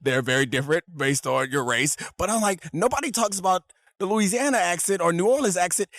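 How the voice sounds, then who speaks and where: A man's voice: high-pitched, a little fast, no echo, clean studio sound. A man co-hosting a casual sports chat, talking eagerly and laughing often at a fan event. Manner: chatty, laughs often, rising excited tone. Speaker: co-host.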